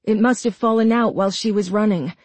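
A woman narrating a horror story in a steady, dramatic storytelling manner. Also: medium pitch, fairly quick, no room sound.

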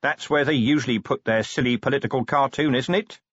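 A man voicing a gruff, weary middle-aged police commander who talks bluntly and grumpily in an audiobook. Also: medium pitch, fairly quick, a bit bright, no room sound, dull audio, pitched above the performer's own voice. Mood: grumpy.

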